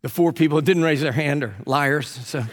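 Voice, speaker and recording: A man preaching a sermon, telling stories and acting out voices with lively, animated delivery. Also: a little fast. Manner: animated, rising to high excited pitch when quoting. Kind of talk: sermon with storytelling. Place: church sanctuary. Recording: long reverb of a church sanctuary.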